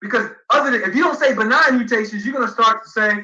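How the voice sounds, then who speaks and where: High bright-voiced man, emphatic lecturing. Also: fast talker, roomy sound, lo-fi sound. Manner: emphatic, reads passages aloud and argues point by point. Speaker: guest speaker. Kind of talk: livestream debate lecture.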